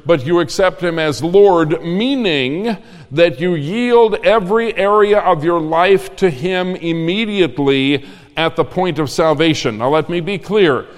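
A man's voice: a little high, measured pace, long reverb tail. A man preaching a sermon as pastor, telling a story in a frank, emphatic way.

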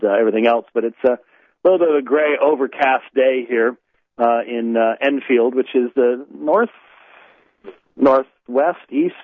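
This is an American man hosting a call-in radio show, drifting through casual chat full of "uh"s and restarts. His voice comes over a tinny, phone-like line with a dry, close sound and no room echo. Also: mid-range voice. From United States. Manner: rambling, many fillers and restarts. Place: indoors in a home in north London.

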